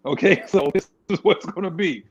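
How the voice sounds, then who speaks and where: A man co-hosting a casual sports chat show, animated and laughing often. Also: high-pitched, moderate pace, highs cut off, slight background noise. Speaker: co-host.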